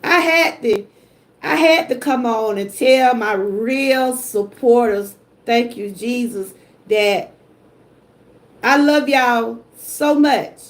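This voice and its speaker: An older woman with a drawl chats on her livestream, greeting viewers and thanking supporters. Her voice sits high, and she talks slowly and emotionally. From Georgia, US. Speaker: YouTube live streamer. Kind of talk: casual livestream chat.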